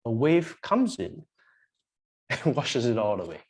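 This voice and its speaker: A preacher delivering a sermon in a slightly husky voice. The pitch swings widely as points are stressed and repeated, and rhetorical questions are put to the congregation. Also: sing-song, a little slow. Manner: emphatic, repetitive, asks the congregation questions. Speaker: pastor. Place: church.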